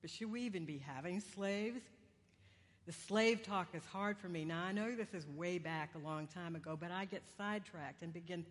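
A woman preacher giving a sermon in a conversational, self-deprecating way, with wandering humorous asides. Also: on the low side. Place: church sanctuary. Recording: long church reverb.

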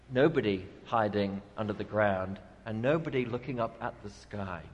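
A man's voice: mid-range voice, a bit bright. A male pastor preaching a sermon, telling stories with a dry sense of humor. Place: church sanctuary. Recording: long church reverb.

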